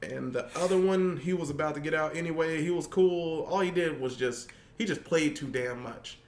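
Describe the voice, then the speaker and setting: Man, casual storytelling, animated quotes, higher voice, echoey room. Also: normal speed, a little hiss or hum. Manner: animated, acts out quotes with big pitch jumps. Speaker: guest; juvenile detention worker.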